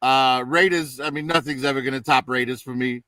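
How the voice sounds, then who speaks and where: A man hosting a casual movie review chat, relaxed and rambling with many fillers, heard through a distant mic. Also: medium pitch, fairly quick, dry recording. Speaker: podcast host.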